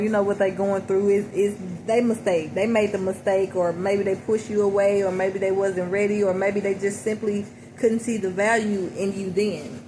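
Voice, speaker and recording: A woman speaking in a casual, reflective way, interpreting song lyrics for her listeners and often checking in with "okay?". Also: mid-range voice. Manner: reflective, repeats "okay?" and "you know". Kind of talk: casual spoken reading. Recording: noticeable background noise.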